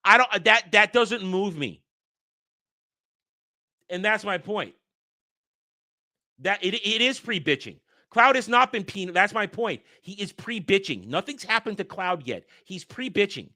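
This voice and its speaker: A man hosting a casual news commentary show, brushing off headlines with blunt, profane irritation. His voice sits fairly high and bright, with a forceful edge. The sound is dry and close, with no room in it. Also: animated, a little slow, long pauses, no echo. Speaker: host of a daily entertainment news commentary show.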